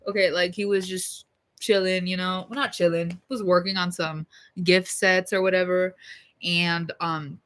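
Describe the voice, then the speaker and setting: A woman's voice: fairly low pitch, steady tone, normal speed, a bit bright. A young woman telling a story casually on a livestream, heated, blunt and full of swearing and fillers.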